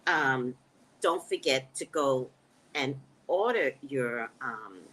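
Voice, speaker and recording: A woman's voice: a bass voice, slow pace, a little hiss or hum. A woman hosting a casual live stream, reading viewer comments aloud and answering them in a blunt, joking way. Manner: blunt, joking, lively, laughs often.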